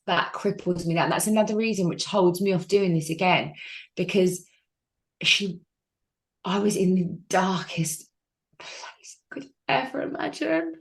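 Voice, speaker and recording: Woman telling a painful story, low-voiced. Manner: raw, emotional, frank with dry humour. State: crying at times. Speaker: interview guest. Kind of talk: candid personal storytelling.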